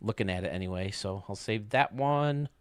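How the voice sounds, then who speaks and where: A man's voice: lowish voice, normal speed, clear, resonant tone, no room sound. A male streamer chatting casually with his viewers while gaming, joking and swearing freely.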